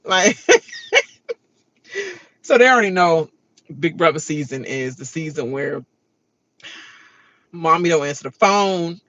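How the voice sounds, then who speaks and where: Woman, reaction-video host, bright edgy voice, animated and chatty, dull lo-fi sound. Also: low voice, slow pace, long pauses. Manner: animated, laughing, mock-quoting others; loose casual grammar. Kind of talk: casual reaction rant.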